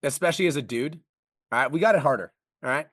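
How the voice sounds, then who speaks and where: A man coaching with blunt, profane bluster. He talks at a rapid clip in a slightly raised voice. The sound is dry and close. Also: on the high side, animated, fairly bright tone, no echo. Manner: brash, profane, fast-talking. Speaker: business coach.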